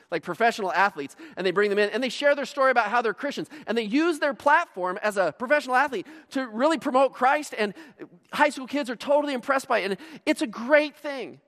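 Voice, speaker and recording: A man preaching a sermon as pastor, telling stories with dramatic swings from hushed to shouting. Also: high-pitched. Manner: animated storytelling, dramatic swings from quiet to shouting. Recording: long reverb of a large hall.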